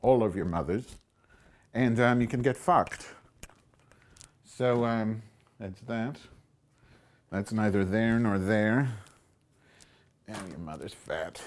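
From home, a man with a lowish voice hosts a crude, rambling webcam live stream on a computer mic, with slight background noise. He talks slowly with many pauses, swearing at and sarcastically mock-insulting viewers while muttering asides as he makes tea.

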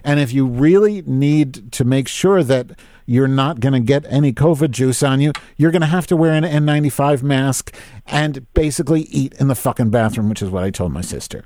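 A man's voice: mid-range voice, a little fast, warm tone, no room sound. Swearing, exasperated man in his fifties. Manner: profane, exasperated ranting. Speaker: podcast host. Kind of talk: casual live-stream rant.

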